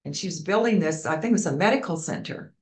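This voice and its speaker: An older woman, a community program founder, being interviewed and telling stories in an animated way, acting out the voices of people she quotes. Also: fairly low pitch, fast. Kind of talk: storytelling interview.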